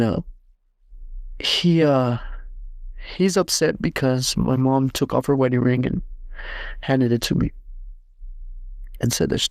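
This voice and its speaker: A man hosting a podcast, telling a personal testimony in casual, halting speech with many restarts and fillers. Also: mid-range voice, gravelly, darkish tone, no echo, studio quality. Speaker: podcast host.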